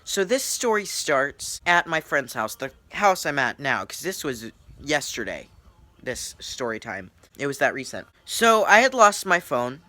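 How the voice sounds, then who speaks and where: A young man telling a story time vlog in an excited, rambling way, with swearing. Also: mid-range voice, a little slow, slight background noise. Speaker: YouTuber.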